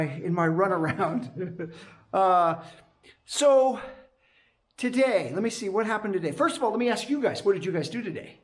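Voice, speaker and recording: A man's voice: high-pitched, very animated, moderate pace. A man working as a night security guard, chatting casually to his action camera from a gate booth in a rambling, restless way. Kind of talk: casual vlog chat to camera.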